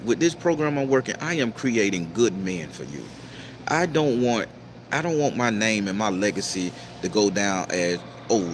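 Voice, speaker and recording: A man hosting a casual livestream and reading out viewer comments, talking in a profane, preachy, emphatic way with sudden high-pitched outbursts. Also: slight background noise. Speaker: tarot reader and livestream host.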